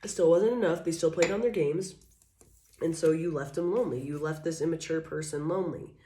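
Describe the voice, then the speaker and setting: A woman's voice: low voice, brisk, warm tone, roomy sound, a little hiss or hum. A woman giving a casual tarot reading, rambling and blunt, full of fillers and broken by frequent coughing. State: coughing repeatedly. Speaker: tarot reader.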